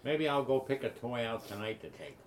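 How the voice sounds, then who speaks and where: A man's voice: medium pitch, a little fast. An older man, a grandfather, teasing a child in casual family dinner talk at home. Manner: gruff teasing. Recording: loud background noise at home.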